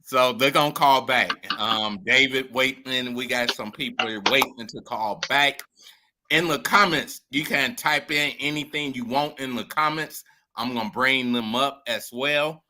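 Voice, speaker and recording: A man with a bright, forceful tone hosts a live show. He keeps his speech emphatic and at times profane, and he turns often to talk directly to his viewers. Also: mid-range voice, a little slow. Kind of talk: live stream hosting.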